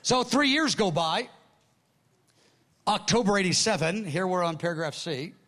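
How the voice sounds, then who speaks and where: A man's voice: high voice, expressive, normal speed, fairly bright tone. A man preaching a sermon-style teaching session, telling a story animatedly, acting out what others said and often restarting his sentences. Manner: frequent restarts and stammered repeats. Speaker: pastor.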